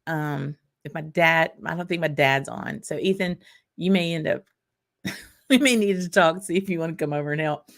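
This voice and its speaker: This woman hosts an informal livestream, talking at normal speed in a low voice with vocal fry and a Southern Arkansas accent. She chats aimlessly, reads viewer comments aloud, and often laughs and uses fillers.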